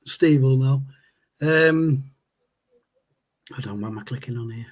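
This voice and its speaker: A man's voice: medium pitch, unhurried, long pauses. A man, hosting a casual livestream and rambling as he answers viewer chat. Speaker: livestream host.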